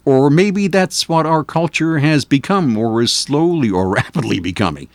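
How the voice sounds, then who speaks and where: Older male AM radio host, opinionated and chatty with lots of fillers, animated delivery, close dry studio mic. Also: on the high side, normal speed, dry recording. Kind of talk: casual talk radio commentary.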